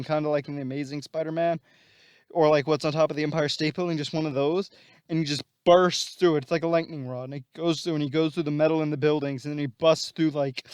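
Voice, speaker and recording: A man's voice: a little high, darkish tone, clear, resonant tone, no room sound, studio quality. A man casually retelling a story plot, rambling with many restarts. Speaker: channel host.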